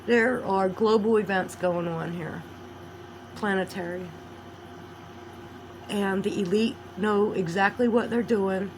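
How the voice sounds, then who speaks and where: A woman vlogging a rambling monologue, animated, swinging between loud outbursts and low mutters. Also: slow, long pauses, a little hiss or hum, rough recording.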